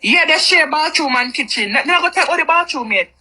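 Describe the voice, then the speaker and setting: A woman with a high, bright voice spins a casual storytime tale. She is lively and repeats phrases for emphasis. Her tone has a forward, sharp edge. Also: brisk, low-quality recording.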